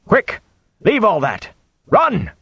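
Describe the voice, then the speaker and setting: A man reads as a smug, bossy male gleeman in a storybook, gruff and low-pitched. He gives orders with self-satisfied authority. The reading sounds dry and close to the mic. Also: sing-song, normal speed, no echo, lo-fi sound, exaggerated voice. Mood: shouting.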